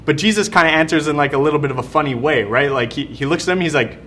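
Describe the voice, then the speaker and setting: A young man preaching a youth sermon, telling stories in an animated, casual, slangy way. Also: on the high side, quick pace, a little hiss or hum. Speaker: youth pastor. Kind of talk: youth sermon with personal storytelling.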